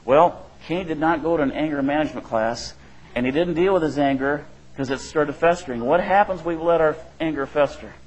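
Middle-aged male preacher, slightly higher voice, chatty sermon style that keeps asking "right?". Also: a little fast, low-quality recording. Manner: conversational preaching, asks the room "right?", acts out quotes. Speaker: pastor.

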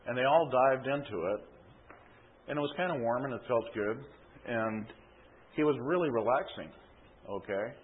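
A man's voice: medium pitch, normal speed, long pauses, slight background noise. A man preaching a sermon, telling an illustration story and often adding a checking "okay?". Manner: storytelling with frequent tag "okay?". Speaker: pastor. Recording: tinny phone-like sound.

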